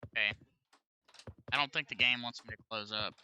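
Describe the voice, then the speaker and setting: A man's voice: medium pitch, quick pace, pushed and bright, highs cut off, slight background noise. A man streaming a video game, chatting casually with lots of swearing and reading the on-screen dialogue aloud. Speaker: gaming streamer. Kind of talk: casual let's-play commentary.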